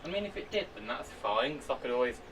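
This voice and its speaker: A man chatting to himself and his viewers in an excitable way while he works on a computer at home. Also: mid-range voice, quick pace. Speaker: vlogger. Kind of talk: casual running commentary while using a computer. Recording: voice a bit far from the mic, faint background noise.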